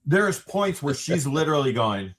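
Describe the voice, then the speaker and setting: Animated man with a lively voice. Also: fairly high pitch, normal speed. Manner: animated storyteller, bursts into a loud mimicking voice. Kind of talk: casual live-stream chat.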